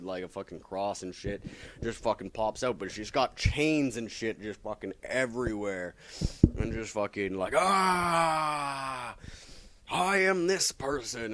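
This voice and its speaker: Man ranting casually, swearing nonstop. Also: on the low side. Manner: swears constantly, rambling with lots of fillers. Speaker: comic book reviewer. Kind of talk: casual rambling vlog rant.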